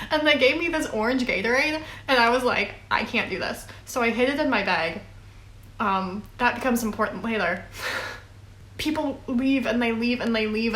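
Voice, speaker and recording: A woman's voice: a little high, fairly bright tone. A young woman in her twenties telling a long story casually, rambling with fillers and little laughs. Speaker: vlogger. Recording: echoey room.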